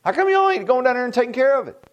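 A man's voice: very high voice, big pitch swings, racing, highs cut off, voice pushed up. A man preaching and voicing a bold young country shepherd boy with a cocky, offhand drawl. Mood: incredulous.

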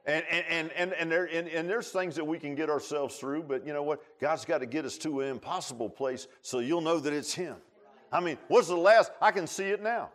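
A man's voice: a little high, lively intonation, fairly quick. A man preaching a sermon in a folksy, conversational way, with restarts and asides to the congregation.

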